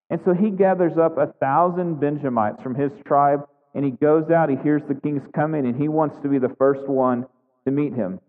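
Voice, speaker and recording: Chatty preacher in a tinny echoey hall. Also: male voice, a little high, normal speed. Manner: chatty, full of restarts and tag questions. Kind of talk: conversational sermon teaching scripture.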